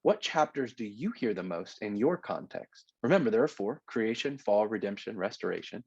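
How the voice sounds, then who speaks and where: A man's voice: fairly low pitch, lively intonation, normal speed, creaky, darkish tone, breathy edge, no room sound, dull audio. Man giving a conversational lecture. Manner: conversational, checks in with "okay?". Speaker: teacher. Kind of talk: recorded lecture.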